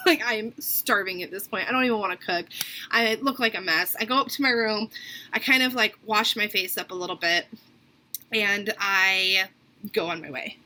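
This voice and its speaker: Animated young woman telling a rant. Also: mid-range voice, moderate pace. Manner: animated, acts out other people's lines; casual, lots of "like". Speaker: vlogger. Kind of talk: storytime rant.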